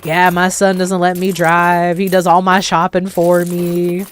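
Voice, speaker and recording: A woman quoting an elderly woman in her eighties, wry, matter-of-fact, low-pitched. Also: completely flat delivery, a little slow, a little hiss or hum, lightly acted. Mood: dry, matter-of-fact. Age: 80s.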